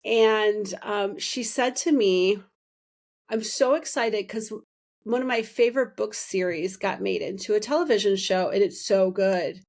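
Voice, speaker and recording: A woman's voice: mid-range voice, unhurried, a little mellow. A middle-aged woman hosting a podcast, chatting casually and rambling with many restarts. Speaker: podcast host. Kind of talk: casual chat.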